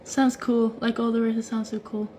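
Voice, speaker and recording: A woman's voice: on the high side, normal speed, slight background noise. A young woman hosting a casual livestream from home on her phone, chatting easily with lots of "like" fillers as she answers viewer comments. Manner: relaxed and chatty, many "like" fillers. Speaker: livestream host. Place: at home while stretching.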